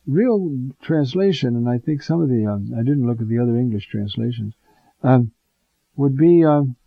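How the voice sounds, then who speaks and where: A priest preaching an informal homily, conversational and digressive, often pausing with fillers and asides. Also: male voice, mid-range voice, lively intonation, creaky, no echo, muffled recording.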